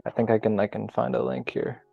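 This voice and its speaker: A man on a group call who talks calmly and reflectively, explaining his ideas at length over muffled lo-fi call audio. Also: fairly low pitch, fairly quick, gravelly, breathy edge, no room sound, faint music behind. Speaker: call participant. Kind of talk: casual group video call chat.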